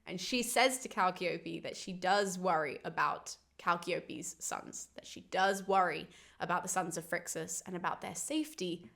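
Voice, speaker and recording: A woman's voice: medium pitch, fairly bright tone. A woman hosting a casual storytelling lesson, retelling a myth in a chatty, sarcastic way and often checking in with "right?". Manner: chatty, sarcastic, frequent tag questions. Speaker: mythology explainer, channel host.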